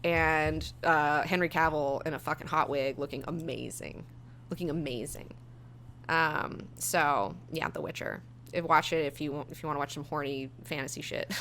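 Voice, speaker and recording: Lady host ranting about a show, swears a lot, kinda low but bright and sharp sounding. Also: fairly quick. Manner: blunt, profane, rambling. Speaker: show host reviewing a series. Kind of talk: casual review chat.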